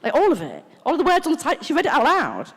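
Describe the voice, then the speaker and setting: A woman in middle age tells her own recovery story from a convention stage. She is blunt and lively, laughs at herself, swears and mimics the people she quotes. Her voice sits slightly high and rings out with long hall reverb. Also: rapid-fire. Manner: animated and frank, laughing and swearing, acting out quoted lines. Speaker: main speaker at a recovery convention. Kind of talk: personal recovery testimony told as a story. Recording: live talk in a reverberant hall.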